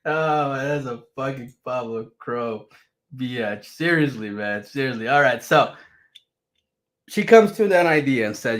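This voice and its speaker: A man talking straight to his viewers about his past, cursing freely as he goes. His voice sits at an ordinary middle pitch and jumps between loud, worked-up bursts and quiet asides. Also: unhurried. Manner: profane, animated, swings from loud to mumbled. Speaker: livestreamer telling his life story. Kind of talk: casual storytelling to viewers.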